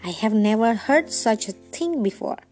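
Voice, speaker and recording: A woman's voice: a little high, lively intonation, moderate pace, a little mellow, faint music behind, lightly acted. A woman voicing a kindly, trusting female mouse in a bedtime story, speaking in a prim, questioning way. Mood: puzzled.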